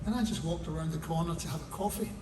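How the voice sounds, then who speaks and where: Older guy rambling wry stories on stage, kinda high voice, echoey theatre from a ways back. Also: fast talker, noisy background. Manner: wry, chatty, swears casually. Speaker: singer-songwriter performing solo. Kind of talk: onstage storytelling between songs. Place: theatre stage before an audience. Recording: echoey theatre, mic heard from a distance. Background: audience ambience.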